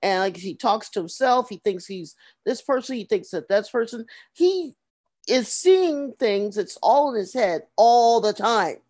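A woman's voice: fairly high pitch, expressive, measured pace, a little mellow. Woman co-host, earnest, emphatic, restarts and repeats her words. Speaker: podcast co-host. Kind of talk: casual chat.

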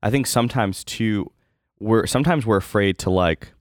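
Man, lowish voice, dry close sound, earnest and candid, casual podcast co-host. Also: normal speed, no room sound. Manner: earnest, candid, talks in fillers and restarts.

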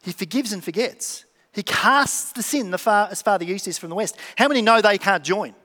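A man with a fairly high voice preaches in a church hall, where a long reverb trails after each phrase. He talks conversationally, acting out short exchanges and repeating his key lines. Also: fairly quick, pushed and bright. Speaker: pastor. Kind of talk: sermon.

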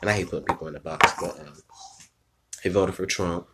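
Low-ish guy on a podcast, slangy and animated, doing quick voices in his stories. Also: very noisy. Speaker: podcast co-host. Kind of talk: casual podcast chat.

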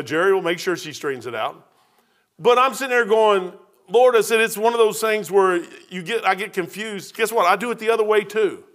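A man's voice: sits high, fairly bright tone. A man preaching a sermon in a church, telling folksy, self-deprecating stories with humor. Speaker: pastor.

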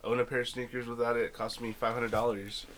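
A man's voice: medium pitch, flat delivery, fast talker, a bit bright, slight background noise. A young man co-hosting a podcast, chatting casually and ranting in a loose, grumbling way. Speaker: podcast co-host. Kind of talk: casual chat.

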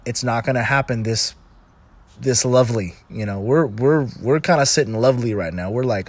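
A man's voice: medium pitch, moderate pace, slightly rough. A middle-aged man talking casually about relationships, rambling and restarting, and often acting out clips in quoted voices. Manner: rambling, with frequent restarts and asides; retells video clips in animated quoted voices. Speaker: commentator on relationships. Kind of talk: casual monologue.

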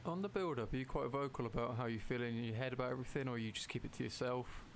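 A man's voice: medium pitch, fast talker. Guy hosting a chill chat, laughs a lot, bit of background hiss. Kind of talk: casual chat.

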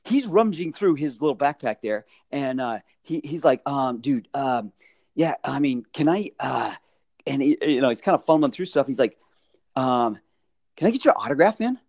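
A man's voice: medium pitch, moderate pace, no echo, clean studio sound. A man telling a story in casual chat, acting out quotes with lots of laughter. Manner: animated, acts out quotes with laughs.

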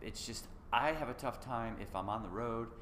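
Man, podcast co-host, relaxed rambling chat, roomy echo, faint hiss. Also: mid-range voice, moderate pace. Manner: easygoing, rambling with restarts. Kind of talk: casual chat. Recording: echoey room with faint noise.

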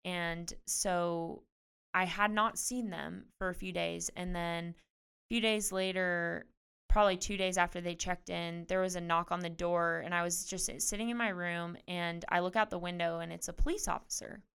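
A woman in her twenties, a pro tennis player being interviewed, chatting in a lively way with lots of "like". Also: lowish voice, normal speed, vocal fry, smooth. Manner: chatty, animated retelling with frequent "like". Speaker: guest, professional tennis player. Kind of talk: casual interview storytelling.

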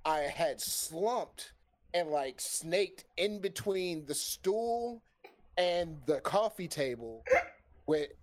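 A man's voice: a little high, drawn-out words. A man telling a long story in a casual chat, cursing freely and acting out the lines of the people in it. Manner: animated, profane, acts out quoted dialogue.

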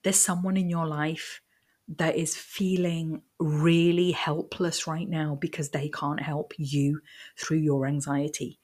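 A woman hosting her own podcast in a chatty, rambling way, talking fast with lots of fillers and restarts. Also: low voice, little pitch movement, a little mellow. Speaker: podcast host. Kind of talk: casual solo podcast talk.

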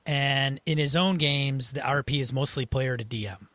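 Male podcast host, mid-range voice, relaxed casual chat, dry close recording. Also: medium pitch, moderate pace, dry recording.

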